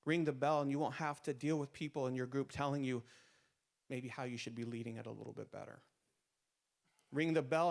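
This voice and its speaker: A man preaching a sermon to small group leaders, emphatic, repeating phrases with rising force and often restarting his words. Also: medium pitch. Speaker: pastor.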